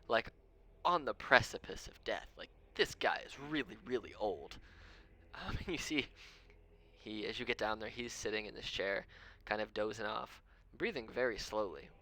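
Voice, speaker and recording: A man running a tabletop game as game master, narrating in a loose, rambling way full of ums. His voice sits low in pitch yet has a bright, forward edge. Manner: rambling, lots of ums, chuckles often.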